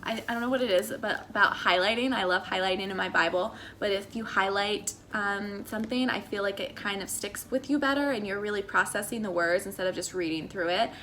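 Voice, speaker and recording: A young American woman from Maryland vlogs about faith and lifestyle in a chatty, earnest, encouraging way, using lots of fillers. Her mid-range voice is a bit bright and a little fast, with few pauses, over slight background noise.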